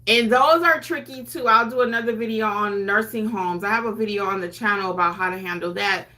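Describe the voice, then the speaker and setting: A woman's voice: medium pitch, a little fast, bright, forceful tone. A woman notary educator talking casually to camera, chatty and conversational. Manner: chatty, conversational, acts out clients' lines. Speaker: notary educator and YouTube host. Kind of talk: casual teaching talk to camera.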